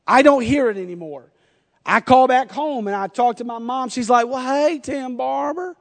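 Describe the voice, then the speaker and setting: High-voiced Southern pastor in a hall. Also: male voice, moderate pace. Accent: Southern US, North Carolina. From North Carolina, US. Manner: humorous storytelling with frequent laughter. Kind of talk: sermon.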